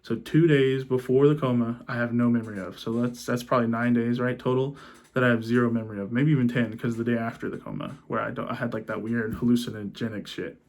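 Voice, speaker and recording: A man's voice: medium pitch, fairly even intonation, fast talker, darkish tone. A young man vlogging, telling a personal story in a rambling, casual way with frequent restarts and swearing.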